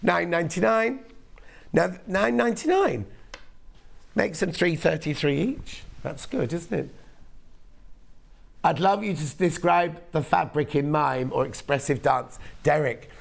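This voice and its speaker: Hoarse man presenting live sales. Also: fairly high pitch, animated, unhurried, pauses often. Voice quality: croaky, gravelly. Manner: chatty, self-mocking banter with viewers. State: hoarse, losing his voice. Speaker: shopping channel presenter.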